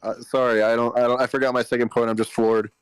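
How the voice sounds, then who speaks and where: A man chatting casually on a live stream, making wry, deadpan jokes. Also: mid-range voice, fast, clear, resonant tone, low-quality recording. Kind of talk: casual chat.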